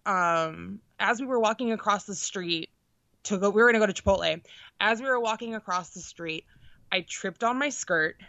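A young woman co-hosting a podcast, telling an animated, profane story in casual chat. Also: mid-range voice, no room sound. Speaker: podcast co-host. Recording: dull lo-fi sound.

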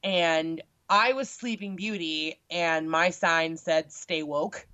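A young woman chatting casually about a cosplay meetup, with lots of filler words and animated quoting. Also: low-pitched, takes it slowly, no room sound. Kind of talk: casual chat. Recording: dull lo-fi sound.

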